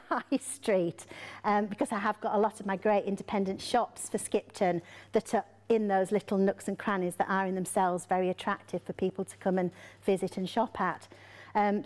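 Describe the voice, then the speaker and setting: A woman's voice: mid-range voice, darkish tone. A woman giving an informal presentation to local businesses, chatty, with many ums and restarts.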